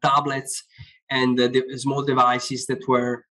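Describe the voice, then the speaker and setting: A man's voice: medium pitch, monotone, slow, pushed and bright, rough recording. A man, an author explaining his ideas in a live online discussion, often repeating words as he searches for phrasing. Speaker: author being interviewed.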